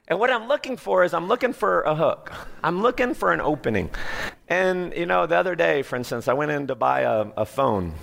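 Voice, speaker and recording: Gravelly, animated seminar speaker, male. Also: a little high. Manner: animated, coaxing, acts out quick dialogues. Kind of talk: live motivational sales talk to an audience.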